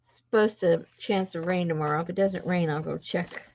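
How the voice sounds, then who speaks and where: Brief: chatty woman host with a blocked nose and a gravelly edge, laughing between chatter. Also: on the low side, normal speed, darkish tone, highs cut off, slight background noise. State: stuffed-up nose. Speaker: craft live-stream host. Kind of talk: casual chat greeting viewers.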